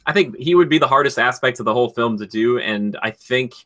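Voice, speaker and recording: A man's voice: mid-range voice, fast talker, fairly bright tone. A young man co-hosting a podcast, rambling casually with many fillers and hesitations. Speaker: podcast co-host. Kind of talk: casual chat.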